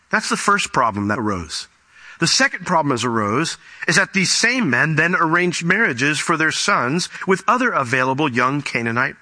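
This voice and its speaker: A man preaching a sermon as pastor, reading scripture aloud and explaining it, often rising in pitch for emphasis. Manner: animated, rises sharply in pitch for emphasis.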